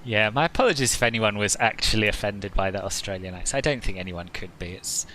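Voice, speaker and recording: A man's voice: on the low side, bright, forceful tone, slight background noise, rough recording. A man chatting casually as he streams a flight simulator session, joking with viewers and often laughing at himself. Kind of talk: casual live-stream commentary.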